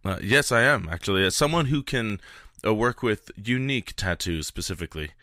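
A man's voice: fairly low pitch, expressive, fairly quick, pushed and bright, no echo, clean studio sound. A man playing his character in a tabletop game, casual and a little hesitant. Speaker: player.

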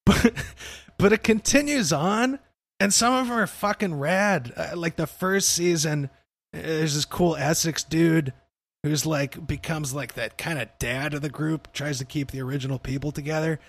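Gravelly laid-back young man. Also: on the high side, normal speed, no room sound. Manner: laid-back, swears a lot, says "dude". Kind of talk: casual chat.

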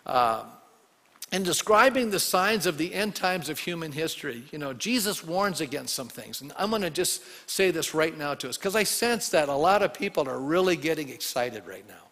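Male pastor preaching, high bright voice, chatty and lively, long church reverb. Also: normal speed. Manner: animated, conversational, asks the congregation questions. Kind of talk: sermon.

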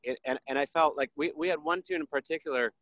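A man's voice: fairly high pitch, fast talker, creaky, a bit bright, no echo, rough recording. A thoughtful man speaking dry and close. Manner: thoughtful, rambling, many you-knows. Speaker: pianist recalling a band. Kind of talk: casual storytelling.

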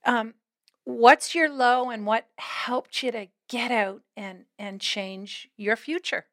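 A woman interview host speaking in a reflective, affirming way. Her voice sits at a middle pitch, recorded dry and close with no room sound. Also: steady tone, slow pace, a bit bright, no echo. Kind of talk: conversational interview.

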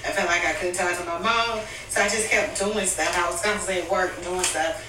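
A woman's voice: lowish voice, steady tone, a little fast, background noise. A woman telling a personal story in a candid, emotional family conversation. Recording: echoey room, mic at a distance.

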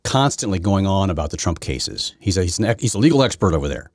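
A man's voice: sits low, big pitch swings, fast, dry recording, clean studio sound. A man hosting his own political talk show, delivering an opinionated, rambling monologue full of restarts. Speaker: podcast host.

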